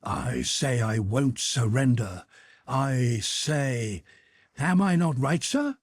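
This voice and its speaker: A man voicing a drunk, half-crazy old man who talks hoarsely and yells battle cries. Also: mid-range voice, animated, slow, no echo, studio quality. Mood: confidential.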